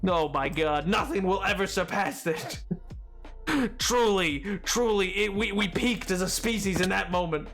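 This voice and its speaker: A man streaming a game, chatting in an animated, rambling way and often cutting himself off mid-sentence. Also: sits high, normal speed, few pauses, soft background music. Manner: animated, rambling, self-interrupting. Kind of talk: casual chat while gaming.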